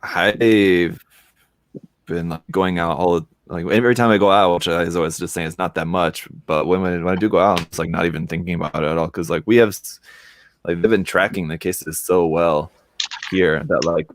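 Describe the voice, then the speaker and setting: Deep-voiced man, loose casual talk. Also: fairly even intonation, slight background noise. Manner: quick, loose, filler-heavy. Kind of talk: casual chat. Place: lives in Korea.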